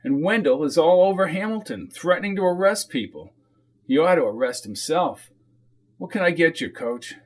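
A man's voice: on the high side, animated, moderate pace. A man voicing a chatty, gossipy small-town waitress in an audiobook.

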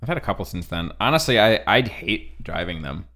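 A man's voice: deep voice, fairly quick. A man telling a story in casual podcast chat, acting out the people in it. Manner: animated storyteller, acts out voices in anecdotes.

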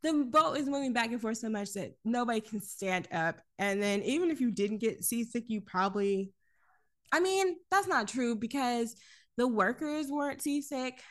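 A woman co-hosting a podcast, recapping a film in casual chat, animated, laughing often and swearing freely. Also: on the high side, normal speed.

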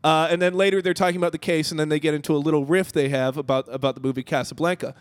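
A man co-hosting a casual movie talk, eagerly adding details and setting up scenes to act out. His voice is slightly high. The recording is dry and close. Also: fairly even intonation, racing, no room sound. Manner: chatty, adds details, sets up bits. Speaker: podcast co-host. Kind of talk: casual chat recapping a movie.

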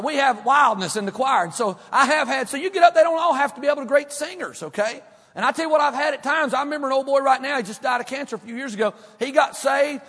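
A Kentucky-raised male pastor preaches in a folksy, animated way, mixing humor into his stories. His voice sits high for a man, and it carries a long reverb through a large church sanctuary. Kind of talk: sermon with storytelling.

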